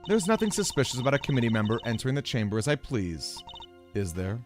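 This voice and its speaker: A man voicing a guarded female committee member in a game, speaking in a measured, quiet, evasive way. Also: medium pitch, very animated, over music, pitched below the performer's own voice, lightly acted.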